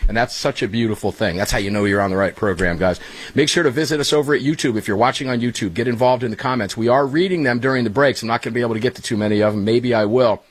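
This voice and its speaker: A middle-aged man hosting a talk radio show from his studio, energetic and chummy, calling listeners guys and brother. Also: medium pitch, very fast, husky, no echo. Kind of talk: casual talk radio banter.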